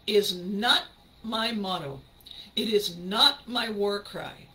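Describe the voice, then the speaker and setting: Bright, animated woman podcast host. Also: mid-range voice, slow pace, rough recording. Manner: animated and emphatic, often laughing; acts out quoted people in a shifted voice. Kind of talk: motivational talk.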